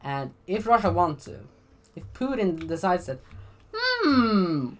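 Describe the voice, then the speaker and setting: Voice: mid-range voice, expressive, moderate pace. A vlogger from Sweden giving casual commentary in a rambling, blunt and profane way, with frequent restarts.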